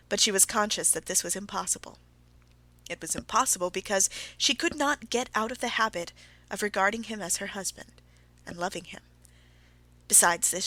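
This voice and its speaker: Bright-voiced woman audiobook narrator. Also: medium pitch, dry recording. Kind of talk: classic novel narration.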